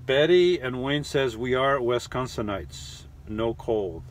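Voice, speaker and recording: A middle-aged man hosting a casual live chat, rambling and halting with lots of restarts and fillers. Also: mid-range voice, lively intonation, slight background noise. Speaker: live stream host reading chat. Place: lives in New York.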